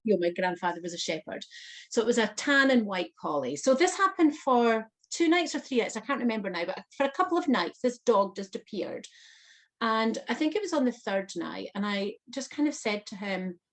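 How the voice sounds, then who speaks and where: A woman guest on an interview, recounting a personal experience in an animated manner with frequent laughter. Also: fairly high pitch, fairly quick. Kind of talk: storytelling interview.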